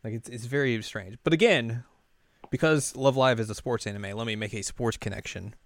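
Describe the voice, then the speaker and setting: A young man co-hosting a casual podcast, recapping an anime in a rambling, animated way and now and then jumping into high character voices. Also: normal speed, dry recording. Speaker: podcast co-host.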